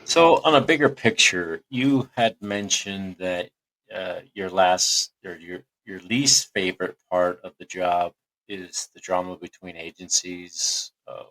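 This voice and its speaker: Man, podcast host, very low voice, relaxed, laughs along. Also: measured pace, low-quality recording. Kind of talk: casual interview.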